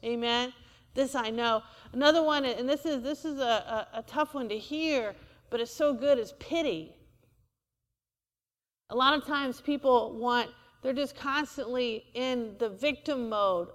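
A woman preacher with a high, fairly bright voice delivers a sermon in a church at a measured pace. Her call-and-response style has her asking the congregation for amens, and a long reverb tail follows her words.

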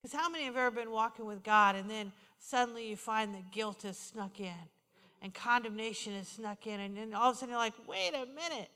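Bright high-voiced woman preaching a sermon. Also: brisk, clear, resonant tone. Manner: passionate storytelling preacher, swings from loud to hushed. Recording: hall reverb.

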